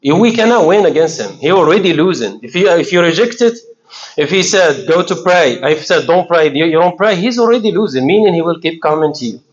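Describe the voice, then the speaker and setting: A man giving an informal religious talk in an earnest, halting way, asking questions and answering them himself. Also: on the high side, lively intonation, muffled recording. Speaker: religious speaker.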